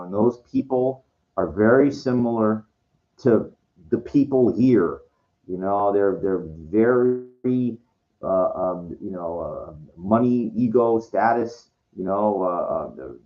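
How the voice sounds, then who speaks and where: A man's voice: on the low side, muffled recording. A man rambling in a frustrated monologue vlog, repeating himself and restarting his sentences. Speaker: vlogger.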